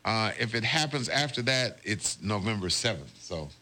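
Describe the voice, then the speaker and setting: A man's voice: fairly low pitch, animated, normal speed, bright, forceful tone. A man with a Southern US accent hosting a local morning radio show, chatting and joking on air. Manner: jokey, upbeat, chatty. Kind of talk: casual on-air banter. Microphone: studio microphone.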